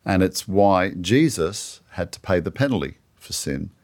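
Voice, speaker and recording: A man's voice: low voice, expressive, unhurried. A man in an easygoing two-person Bible discussion, explaining doctrine in an earnest, teaching manner with many "you know"s. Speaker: co-host of a Bible teaching show.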